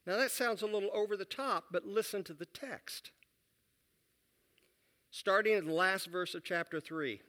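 A man's voice: sits high, normal speed, sharp tone. A man teaching a Bible lesson in a conversational way, repeating key phrases and asking his listeners questions. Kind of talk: sermon-style Bible lesson.

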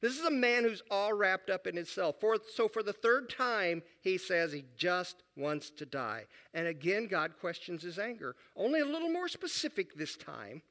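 Middle-aged male Bible teacher, folksy and self-deprecating, high bright voice. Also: big pitch swings, normal speed, hardly any pauses. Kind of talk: conversational Bible lesson.

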